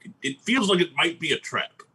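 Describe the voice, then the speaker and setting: A man's voice: a little high, expressive, fairly quick, pushed and bright, breathy edge. A man playing in a comedic tabletop game, cautious and stumbling over his words. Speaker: player. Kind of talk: comedic tabletop role-play.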